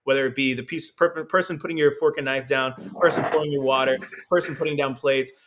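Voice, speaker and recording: A young man, a restaurant owner, telling a story in casual podcast talk, animated and full of fillers. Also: mid-range voice, fast talker, background noise. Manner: animated, filler-heavy, laughs often.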